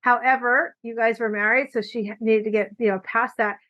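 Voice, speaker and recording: A woman hosting a podcast, chatting casually and telling animated stories, acting out quoted lines, recorded with muffled lo-fi audio. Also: a little high, a little fast. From California. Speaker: podcast host. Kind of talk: casual conversation. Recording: dull lo-fi audio.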